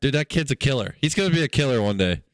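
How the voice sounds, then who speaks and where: A man with a Southern US accent co-hosting a podcast, easygoing and quick to laugh. His pitch moves around a lot, he coughs now and then, and the sound is dry and close. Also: animated, dry recording. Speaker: podcast co-host. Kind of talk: casual chat.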